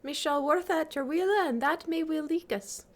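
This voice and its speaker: A woman's voice: high-pitched, normal speed, voice pushed up. A woman reading the part of a courteous young male knight, politely deflecting, in an earnest, formal recitation of old verse.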